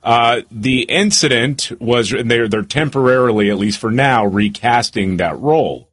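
A man co-hosting a talk show, telling a story in an animated, amused way. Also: mid-range voice, moderate pace. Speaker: co-host. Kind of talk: casual talk show chat.

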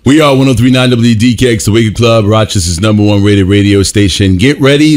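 A man hosting a radio morning show, giving lively promo-style station reads and banter from the studio. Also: fairly low pitch, fairly quick, few pauses.

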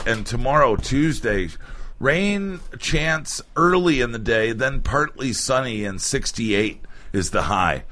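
A man's voice: medium pitch, bright, forceful tone. A man hosting a radio show, easygoing and folksy, chatting and reading the forecast. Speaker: radio host. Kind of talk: casual chat and weather reading.

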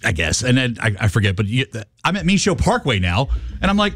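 A man co-hosting a morning radio show, telling a self-mocking story in a quick, casual way. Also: medium pitch, sing-song, fairly bright tone, no room sound.

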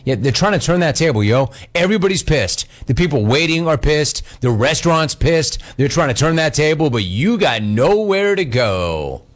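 A man hosting a talk show, telling stories fast and doing voices. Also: on the high side. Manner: animated, fast, does voices. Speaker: radio talk show host. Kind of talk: casual storytelling and call-ins.

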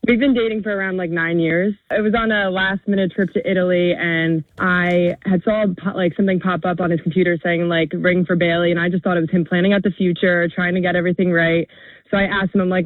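A woman calling in to a radio show, telling a story quickly and excitedly with lots of quoted asides. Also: fairly low pitch, no echo. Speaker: caller. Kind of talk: storytelling on a phone call. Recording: tinny phone line.

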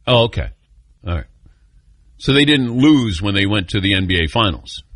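On his sports call-in show, a man takes calls and shares stories, laughing a lot in an animated way. He speaks at normal speed in a fairly low voice, with no echo.

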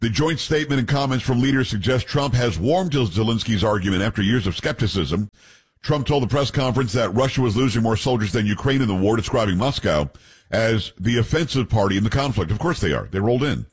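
A man's voice: mid-range voice, expressive, fast, slightly rough. A man hosting a talk radio show, reading news aloud with blunt opinions and joking asides to his co-hosts.

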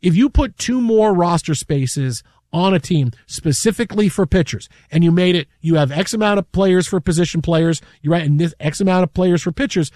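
A man's voice: high voice, moderate pace, few pauses, darkish tone, dry recording, studio quality. A man co-hosting a sports radio show, talking casually and rambling with restarts and repeated words.

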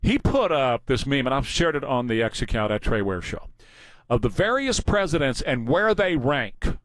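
A man's voice: mid-range voice, big pitch swings, normal speed, dry recording. Male talk-radio host, chatty storyteller, close dry mic. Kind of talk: casual talk show chat.

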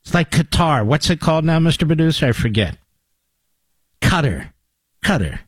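A man's voice: a little high, expressive, fast talker, dry recording. An older man hosting a talk radio show, with a combative, sarcastic monologue and mocking asides to his producer.

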